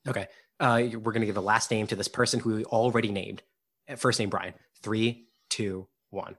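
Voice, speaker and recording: A man's voice: lowish voice, steady tone, fairly quick, fairly bright tone, husky. Young man cohosting a loose, laughing podcast chat. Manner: laughing, rambling, repeats words. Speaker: podcast co-host.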